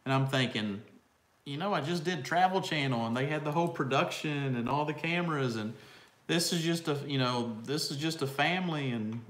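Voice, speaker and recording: A man's voice: fairly high pitch, a bit bright. A middle-aged man from south central Kentucky with a Southern accent, chatting easygoing on a live stream with his wife. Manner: slow, easygoing drawl. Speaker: co-host, park guide. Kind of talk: casual live-stream chat. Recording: echoey room.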